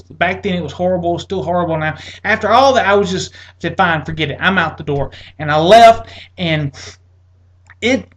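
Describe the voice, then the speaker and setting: A man recounts a long personal ordeal in a loose, conversational way. His frustration shows as his voice leaps up when he replays his own complaints, then sinks into quieter asides. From Atlanta area, United States. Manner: exasperated, acts out quotes with rising pitch. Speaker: military veteran telling his story. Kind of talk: casual personal storytelling.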